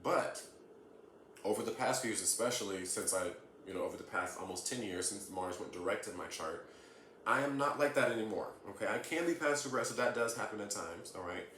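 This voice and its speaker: A fairly low-voiced man from the US South talks earnestly to his camera at home, checking in with "okay?" after almost every point. Light laughs break up his casual explanations. The room gives his voice a noticeable echo under a faint hiss. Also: expressive, fairly quick, fairly bright tone. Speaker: astrology vlogger. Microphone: camera mic.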